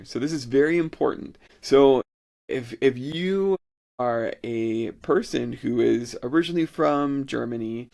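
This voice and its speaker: Casting: American male podcast host, thirties, gravelly mid-pitched voice, talks in loose restarts. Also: a little mellow. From United States. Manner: loose and repetitive, restarting phrases. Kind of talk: solo educational podcast talk.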